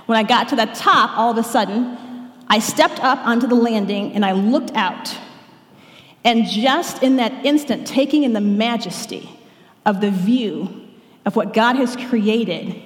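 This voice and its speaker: A woman's voice: a little high, normal speed. A woman sharing an earnest church testimony, breaking off and restarting now and then, with prayers quoted along the way. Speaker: speaker giving a testimony. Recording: echoey hall, long reverb.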